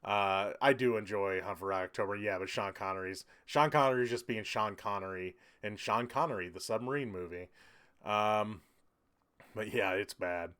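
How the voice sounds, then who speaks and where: A man's voice: on the low side, normal speed, fairly bright tone, clear, resonant tone. A man hosting a casual livestream, rambling loosely and chuckling as he reads out viewer comments. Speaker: livestream host.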